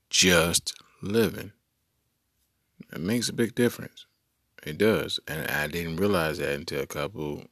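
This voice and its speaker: A man hosts a solo comedy podcast, riffing playfully and addressing his listeners directly. His voice is low and gravelly, with a lively, swooping delivery. It is recorded close and dry on a podcast mic. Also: no echo. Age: adult parent. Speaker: podcast host.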